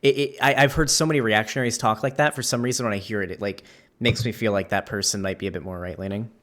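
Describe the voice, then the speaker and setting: A man's voice: on the low side, fairly even intonation, fast talker, fairly bright tone. A man hosting a casual conversation, rambling with many fillers and restarts. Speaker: streamer and host.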